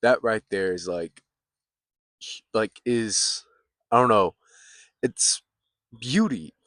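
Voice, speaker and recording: A young man vlogging in a laid-back, rambling way, with many fillers and pauses. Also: on the low side, fairly bright tone, no echo, clean studio sound. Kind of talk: casual vlog talk. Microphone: phone or camera mic, built-in mic.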